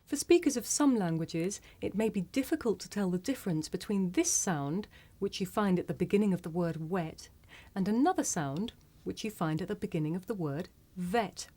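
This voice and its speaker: A woman teaching English pronunciation, saying single words slowly and carefully for learners to repeat. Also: on the low side, lively intonation, dark tone. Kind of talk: slow scripted pronunciation lesson.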